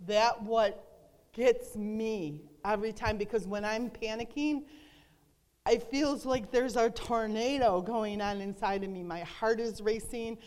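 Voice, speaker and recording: A woman's voice: on the high side, unhurried, darkish tone. A middle-aged woman giving an earnest, emotional devotional talk to a women's gathering. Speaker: women's ministry speaker. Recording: long reverb hall.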